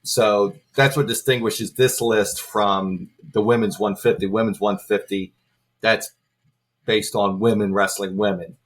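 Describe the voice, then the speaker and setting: A man speaking as a guest on a wrestling podcast, explaining things in a measured, informative way. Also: lowish voice, steady tone, slight background noise. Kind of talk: casual podcast chat.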